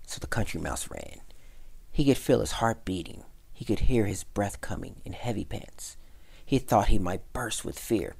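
A man, a community center director, reading a fable aloud with expressive storytelling. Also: fairly low pitch, normal speed, vocal fry, breathy edge.

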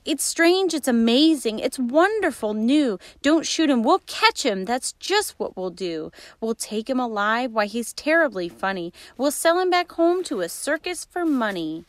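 A woman voicing a group of excited male hunters in a storybook reading, exclaiming loudly. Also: on the high side, moderate pace, few pauses, no room sound.

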